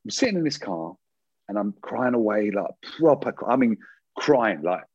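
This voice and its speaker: A man telling a personal story as an interview guest, animated and quick, with many restarts and fillers. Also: fairly low pitch, slightly rough, no room sound, lo-fi sound.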